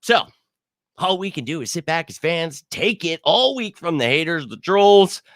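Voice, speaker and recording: A man's voice: fairly high pitch, animated, moderate pace, a bit bright, no room sound, clean studio sound. A man hosting a livestream postgame reaction show, frustrated and swearing as he reads chat comments. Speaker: sports fan show host.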